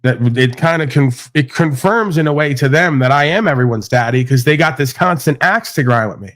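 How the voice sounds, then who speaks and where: A man's voice: fairly high pitch, brisk, a bit bright. Boastful rambling man hosting a stream. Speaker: live stream host. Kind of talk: casual crude banter.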